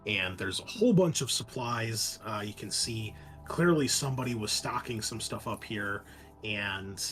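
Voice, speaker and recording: A man's voice: fairly low pitch, a bit bright. A man narrating a tabletop horror game as game master, describing the scene in a loose, rambling way with lots of filler. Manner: rambling, full of ums and likes.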